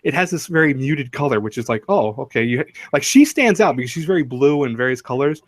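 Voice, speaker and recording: A man's voice: mid-range voice, lively intonation, fast talker, dry recording. A young man hosting a casual live stream, rambling and joking with many restarts. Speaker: stream host.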